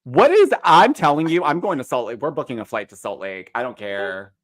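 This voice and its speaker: A man's voice: mid-range voice, brisk. A young adult man joining a casual gossip chat as a guest, playful and eager to jump in. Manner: animated, playful, jumps in eagerly. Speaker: podcast guest.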